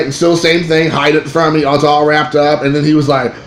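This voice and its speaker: A man, a father in his thirties, telling a card-collecting story in a rambling, excitable way with many restarts. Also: fairly high pitch, fairly quick. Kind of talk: casual storytelling to camera. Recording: echoey room with faint ambient noise.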